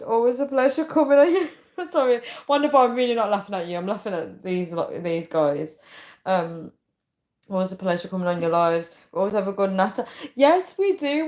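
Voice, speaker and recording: Tired, chatty woman in her thirties. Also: fairly low pitch. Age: 30s. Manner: chatty and giggly, often breaking into laughter. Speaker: livestream host. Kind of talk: casual live-stream chat reading viewer comments.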